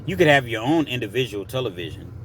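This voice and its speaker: A man's voice: mid-range voice, big pitch swings, quick pace, a bit bright, slight background noise. A man casually telling a story from his prison days in a conversational, digressive way.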